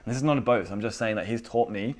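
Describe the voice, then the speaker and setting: A man's voice: on the low side, fast talker. A man who leads a church teaching night, chatting casually about faith and acting out the people in his stories. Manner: animated storyteller who acts out quotes.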